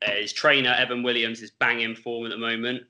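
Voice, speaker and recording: A man's voice: medium pitch, flat delivery, fast talker, bright, forceful tone. A man giving horse racing betting tips as a podcast guest, speaking plainly and confidently. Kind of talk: casual chat.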